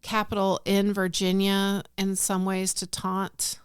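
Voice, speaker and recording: A woman's voice: medium pitch, monotone, takes it slowly, clean tone, dry recording, clean studio sound. A woman co-hosting a podcast in casual chat, explaining things in a self-deprecating way. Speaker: podcast co-host.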